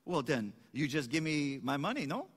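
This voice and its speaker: A man's voice: fairly high pitch, big pitch swings, moderate pace, slightly rough, voice pushed down. A preacher voicing a cunning, cheerful Cajun man in a joke, with an attempted Cajun drawl. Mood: sly. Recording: echoey hall.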